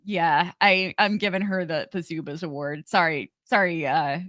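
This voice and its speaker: Bright-voiced female podcast co-host, giggly and halting, dry close mic. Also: fairly low pitch, fairly even intonation, no room sound. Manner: giggly, halting, many restarts. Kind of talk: casual podcast chat.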